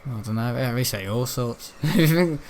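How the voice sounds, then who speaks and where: A man's voice: mid-range voice, moderate pace, a little mellow, slight background noise. A teenage boy with a Merseyside accent, chatting casually on a stream, hesitant with lots of ums and restarts. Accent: Merseyside English. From the Wirral, England. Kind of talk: rambling casual chat.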